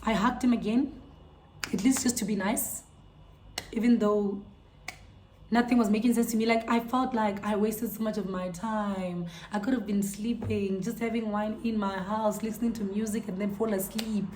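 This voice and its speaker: A young woman, telling a storytime vlog to her viewers in an animated, incredulous way. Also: medium pitch, normal speed, slight background noise. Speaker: vlogger. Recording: echoey room.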